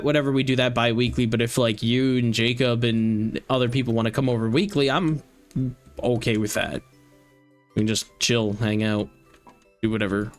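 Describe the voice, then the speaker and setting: A man's voice: medium pitch, moderate pace, faint music behind. A young man who streams games, chatting casually and rambling with lots of filler words. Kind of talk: casual chat while streaming a game.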